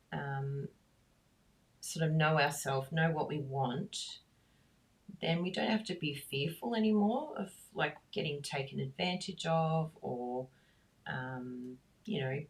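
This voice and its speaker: A middle-aged woman, hosting a craft class and chatting in a rambling, warm way that breaks into laughs. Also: deep voice, recorded from a distance. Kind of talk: chatty talk while crafting.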